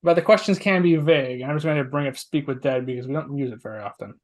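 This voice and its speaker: A male game master narrates a tabletop game, meandering through his descriptions and restarting his sentences. His voice sits at an ordinary middle pitch. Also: fast. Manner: rambling, with many restarts and hedging words.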